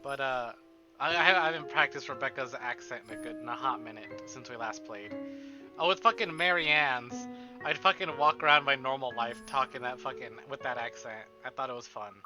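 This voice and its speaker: A man streaming a visual novel, chatting casually with his chat, excitable and swearing often. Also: mid-range voice, normal speed, music in the background. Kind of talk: casual live-stream chat and game reading.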